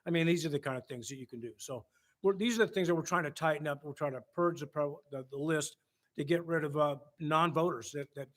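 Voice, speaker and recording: A man's voice: fairly high pitch, quick pace, a bit bright. A man who is a state senator, explaining procedures matter-of-factly as a guest in a political interview.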